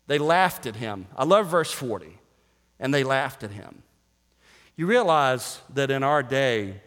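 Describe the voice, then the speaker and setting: A male pastor preaching a sermon, swinging between hushed, quiet stretches and loud shouting, with joking asides. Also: mid-range voice. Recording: long hall reverb.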